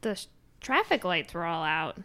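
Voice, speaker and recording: A woman's voice: lowish voice, sing-song, moderate pace, sharp tone. A woman from the US East Coast, a guest on a podcast, chatting casually with dry joking asides. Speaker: urban planner guest.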